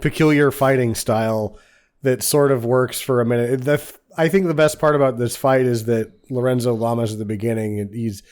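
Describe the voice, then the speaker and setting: A man on a loose movie-riffing podcast who keeps a dry delivery while quoting characters in silly mock voices. His voice sits in an ordinary middle pitch. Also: steady tone, moderate pace, a little mellow. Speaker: podcast co-host. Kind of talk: casual movie riff.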